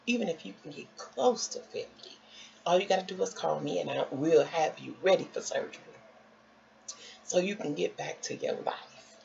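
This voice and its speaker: A woman voicing a calm, reassuring male doctor who explains things softly and steadily. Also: lowish voice, moderate pace, gravelly, voice pushed down. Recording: dull lo-fi with faint noise.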